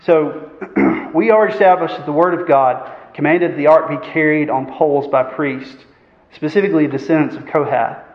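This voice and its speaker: A man preaching a sermon. He poses rhetorical questions and often clears his throat. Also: fairly high pitch, normal speed. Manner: earnest, asks the congregation rhetorical questions; frequent fillers and throat clearing. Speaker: pastor. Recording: echoey hall, dull sound.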